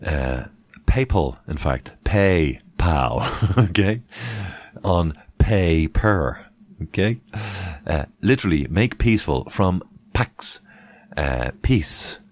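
On a dry recording, a man with a low-pitched, animated voice talks slowly, leaving long pauses. He hosts a live stream and keeps things casual as he reads chat, asks rhetorical questions and thanks viewers by name.

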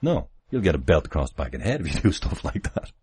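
A man's voice: a bass voice, big pitch swings, fast talker, a little mellow, slight background noise. A man, chatting casually on a livestream from home with many chuckles and rambling asides. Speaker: livestream host. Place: home, near the kitchen.

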